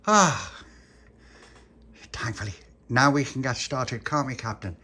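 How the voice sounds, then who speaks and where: A man's voice: mid-range voice, expressive, takes it slowly, pushed and bright, full character voice. A man voicing a cheerful, bossy leader who tells his crewmate what to do, in a chummy way.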